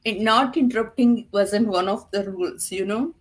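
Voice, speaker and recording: A woman's voice: medium pitch, normal speed. A woman in casual chat on a video call, teasing and laughing.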